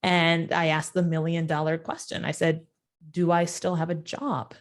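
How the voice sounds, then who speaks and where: Animated woman telling a personal story. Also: normal speed. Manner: animated, acts out quotes with sudden pitch jumps. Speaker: guest storyteller.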